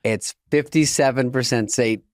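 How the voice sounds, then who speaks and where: A middle-aged man co-hosting a podcast, wry and deadpan, telling stories with quoted exchanges and sound effects. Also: medium pitch, normal speed, no room sound. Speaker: podcast co-host. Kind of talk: casual comedy chat.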